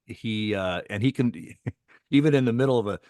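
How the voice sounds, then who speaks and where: A former umpire tells stories with energy, jumping into the voices of the people he quotes. His voice sits on the low side, and the sound is dry and close with no room echo. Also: moderate pace. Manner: animated storyteller, acts out quoted people. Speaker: retired umpire guest. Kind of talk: casual storytelling chat.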